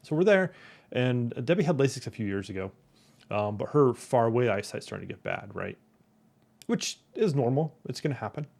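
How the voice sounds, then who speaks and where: A man's voice: medium pitch, lively intonation, moderate pace, creaky, a little mellow. Guy just chatting away, telling a story, keeps going "right?", regular mid voice. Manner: rambling, keeps asking "right?". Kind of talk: casual storytelling talk.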